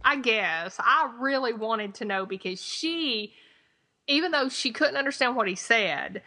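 Bright-voiced woman, skeptical. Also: fairly high pitch, lively intonation, a little slow. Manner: reads from her notes, skeptical. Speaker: podcast co-host. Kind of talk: casual chat reviewing TV episodes.

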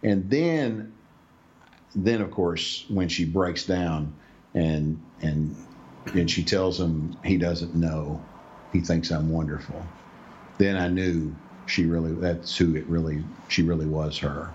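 A man's voice: low voice, takes it slowly, a little mellow, a little hiss or hum. A man co-hosting a podcast who chats casually about a TV episode and sometimes trails off mid-thought. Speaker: podcast co-host. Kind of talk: casual TV recap chat. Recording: slightly dull lo-fi recording.

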